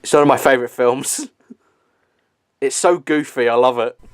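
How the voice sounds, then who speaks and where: A man's voice: mid-range voice, normal speed, clear, resonant tone, dry recording. A young man giving a casual movie commentary, chatty and swearing, with lots of fillers and laughs.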